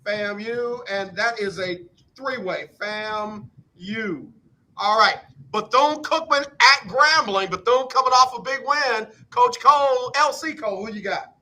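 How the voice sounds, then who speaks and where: Upbeat radio sports host, bright voice. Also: male voice, very high-pitched, poor audio. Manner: brisk, upbeat, calls on guests by name. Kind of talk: casual radio sports chat.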